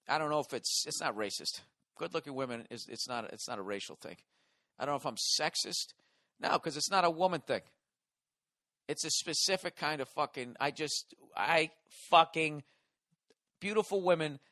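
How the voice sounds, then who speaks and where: Hoarse man, profane comedic rant, podcast host, slightly high voice, dry sound. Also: a bit bright, no echo. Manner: profane, exasperated ranting.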